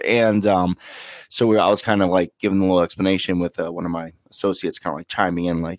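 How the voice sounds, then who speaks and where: A man co-hosting a podcast, telling stories in a crude, joking, laid-back way on a loud close mic. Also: sits low, fast talker, no room sound. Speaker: podcast co-host. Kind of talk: casual chat. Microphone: loud close microphone.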